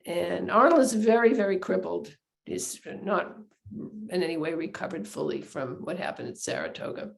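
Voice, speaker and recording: A woman author giving a book talk, telling a historical story in a chatty, animated way with many fillers and restarts. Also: lowish voice, normal speed, vocal fry. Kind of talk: informal storytelling lecture. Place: lecture hall.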